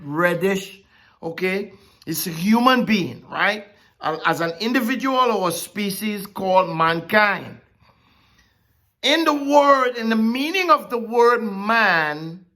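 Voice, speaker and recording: Slow, bright-voiced Bible teacher. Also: medium pitch. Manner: animated, keeps checking in with "okay?" and "right?". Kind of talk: conversational sermon.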